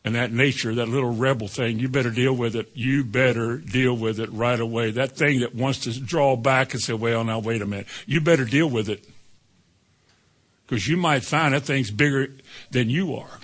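A man preaching a sermon in a folksy, animated way, breaking into sudden high exclamations. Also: moderate pace, breathy edge. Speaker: pastor.

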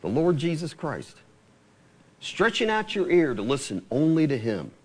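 A man preaching a sermon, quoting scripture with lively, rising emphasis. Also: on the high side, unhurried, breathy edge.

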